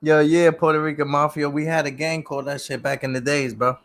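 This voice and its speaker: A man hosting a casual livestream, answering viewer comments in relaxed street slang and often repeating his phrases. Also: fairly high pitch, brisk. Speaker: livestream host reading comments.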